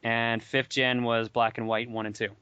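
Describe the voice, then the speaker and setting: A man's voice: mid-range voice, level tone, moderate pace, pushed and bright, clean tone. A man co-hosting a casual podcast chat, hesitant and often correcting himself. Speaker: guest co-host. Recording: dull, slightly lo-fi, dry.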